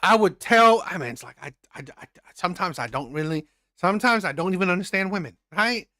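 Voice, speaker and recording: A blunt male reaction host delivers commentary in emphatic, fairly quick bursts, repeating himself often. His sharp, expressive voice swings widely in pitch between points, and the sound is close and dry with no room in it.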